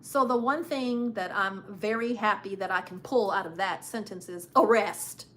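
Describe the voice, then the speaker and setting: A woman's voice: medium pitch, normal speed, a bit bright. A woman hosting a live cruise news stream, chatting casually, repeating phrases for emphasis and laughing often.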